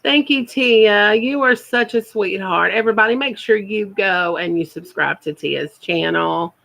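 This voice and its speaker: A woman's voice: mid-range voice, a little slow, gravelly, a bit bright, rough recording. A woman, chatting casually on her first live stream and repeating words for emphasis.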